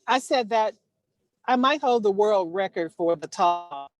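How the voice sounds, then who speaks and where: A woman telling a personal story over a video call, earnest and halting, restarting her sentences. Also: mid-range voice, lively intonation, dry recording. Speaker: caller sharing a story.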